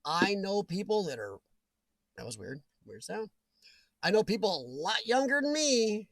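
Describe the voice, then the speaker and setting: A man's voice: sits high, animated, moderate pace, creaky, a bit bright, no room sound. A middle-aged man hosting a casual live chat stream, reading viewer comments with jokey asides and frequent laughter. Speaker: livestream host.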